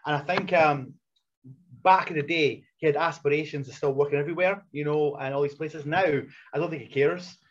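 A man, a wrestler and coach, telling stories as a podcast guest in a casual, animated way that is full of swearing and restarts. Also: a little high, moderate pace. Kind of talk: casual storytelling chat. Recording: muffled lo-fi sound.

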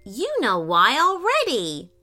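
Woman playing a little storybook girl, high, eager, bright, swoops all over. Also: slow, soft background music, exaggerated voice. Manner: high excited childlike voice. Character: bold young girl dreaming of being a superhero.

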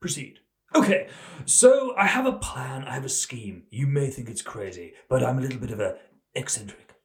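A man playing a pompous, self-important male boss in a comic phone-call role-play, speaking slowly and grandly. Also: mid-range voice, sing-song, echoey room. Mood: scheming.

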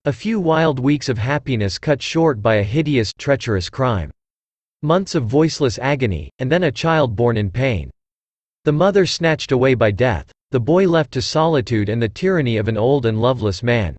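Synthetic male narrator, lively pitch. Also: dry recording. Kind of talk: scripted narration.

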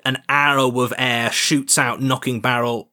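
A man's voice: medium pitch, fairly even intonation, measured pace, sharp tone. A man narrating as game master, easygoing and hesitant with frequent fillers.

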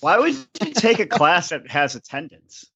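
A man in casual podcast chat, blunt and ready with advice. His voice sits slightly high, and the audio is a little muffled and lo-fi. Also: very animated, normal speed, a bit bright, breathy edge, dry recording.

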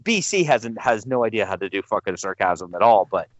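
Laughing, sarcastic Canadian co-host. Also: male voice, lowish voice, very animated, a little fast, dry recording. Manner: laughs often, sarcastic, swears. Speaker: podcast co-host. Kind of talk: casual podcast chat. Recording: dry, dull lo-fi recording.

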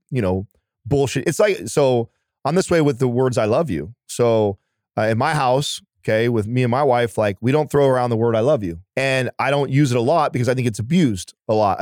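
A man of ordinary pitch talks as a podcast guest, earnest and emphatic, with a casual swear thrown in. His voice sits close to the mic in a dry, dead room. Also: darkish tone, dry recording. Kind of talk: casual conversation.

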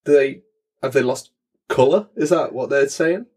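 A man's voice: mid-range voice, moderate pace, a little mellow, slightly rough. A young man co-hosting a casual podcast chat, dry and sarcastic, swearing now and then. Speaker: podcast co-host.

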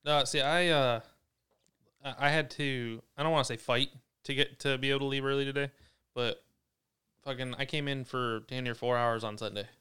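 A man's voice: mid-range voice, steady tone, moderate pace, bright, forceful tone, smooth. A man in casual podcast chat, venting with lots of swearing. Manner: venting, profane, emphatic. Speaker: podcast co-host.

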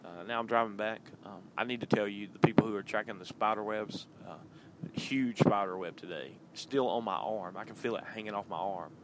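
Heavy background noise surrounds a man podcasting from his car, rambling loosely with plenty of ums and uhs. His fairly low voice moves fairly quickly with few pauses.

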